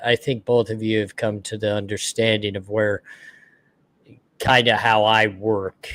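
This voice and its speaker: Flat-voiced, reassuring man. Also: fairly low pitch, a little slow. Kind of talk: podcast conversation.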